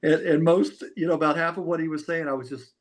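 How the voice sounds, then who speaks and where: An American man conducting a casual interview, chatty and quick to laugh. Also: a little high, fairly even intonation. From United States.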